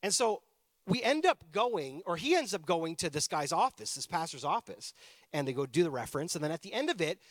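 A man in his thirties from Canada, a pastor telling a personal story in a chatty, animated sermon style. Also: on the high side, a little fast, no echo, studio quality.

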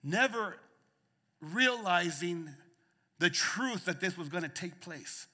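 A man preaching a sermon, shifting between soft hushed lines and raised emphatic ones, repeating phrases for emphasis, in a church. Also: high-pitched, animated, slow pace. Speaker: pastor. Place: church sanctuary. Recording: long reverb of a church hall.

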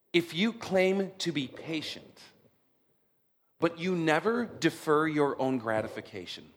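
Animated conversational male pastor. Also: fairly high pitch. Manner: conversational, animated, frequent "right?" check-ins. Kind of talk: sermon.

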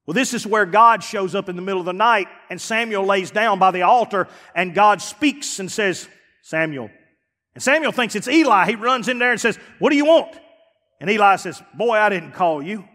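A man preaching a sermon as pastor, swinging from loud emphatic lines to hushed, dropped phrases. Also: high voice, brisk, few pauses, long reverb tail.

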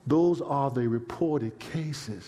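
A male preacher tells a story at a very slow pace, drawing out each phrase. He swings from hushed tones to loud cries. A long reverb fills the big hall around him. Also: mid-range voice. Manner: dramatic, swinging from hushed to shouting. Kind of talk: sermon storytelling.

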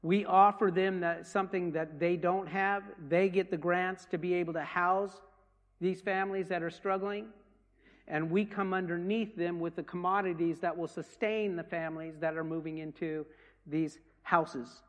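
Male ministry leader, high voice, earnest storytelling sermon, long hall echo. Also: steady tone, normal speed. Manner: earnest storytelling with many restarts. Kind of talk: testimony talk to a congregation.

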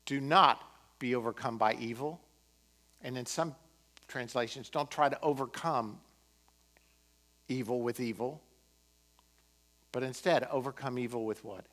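A man preaching a sermon as pastor, impassioned, swinging from emphatic peaks to quiet, earnest moments. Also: medium pitch, a little slow, long pauses. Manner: impassioned, rising to emphatic peaks then dropping to quiet prayer.

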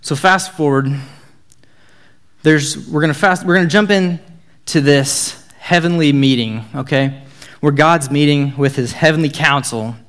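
A man's voice: a little high, a little slow, fairly bright tone. A young man, giving a casual, joking Bible talk as a youth speaker. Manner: casual, joking, upbeat storytelling.

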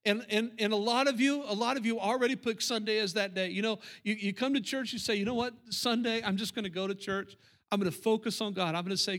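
A man's voice: sits high, fairly even intonation, quick pace, fairly bright tone. A man preaching a sermon as pastor to his congregation in church, emphatic and repetitive. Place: church sanctuary.

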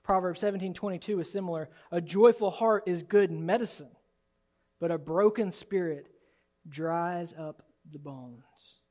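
Guy preaching a sermon, high voice, gets loud then goes real quiet. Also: measured pace. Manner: animated, swings from soft and low to loud and high. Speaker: pastor. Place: church sanctuary.

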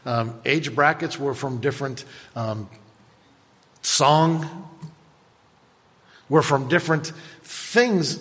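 A pastor in his fifties preaching a sermon with animated delivery that builds to loud exclamations. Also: mid-range voice, slightly rough, in a large hall. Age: 50s.

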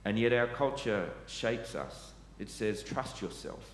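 A man with a low voice preaches a sermon in earnest, putting questions to his listeners. The sound carries a long echo through a large church hall. Faint ambient noise sits beneath it. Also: expressive, a little slow.

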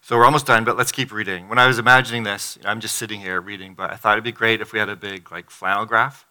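A man's voice: lowish voice, fairly even intonation, fast talker, bright, forceful tone, smooth. A middle-aged pastor giving a conversational sermon, acting out the quotes from the story as he reads. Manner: conversational, acts out quotes from the text.

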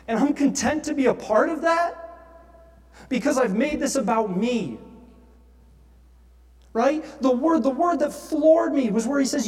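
A man's voice: very high-pitched, expressive, moderate pace. Guy preaching, earnest and heartfelt, reads scripture then gets worked up. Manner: earnest, grows impassioned, reads scripture aloud. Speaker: pastor. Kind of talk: sermon.

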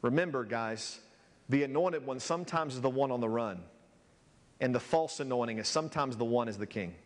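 A man's voice: medium pitch, a little fast, in a large hall. A man preaching a sermon as a pastor, reading scripture aloud and building in intensity.

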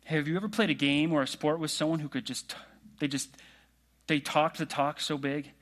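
A man preaching a sermon in a relaxed, conversational way, asking the congregation questions. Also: on the high side, fairly quick. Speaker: pastor.

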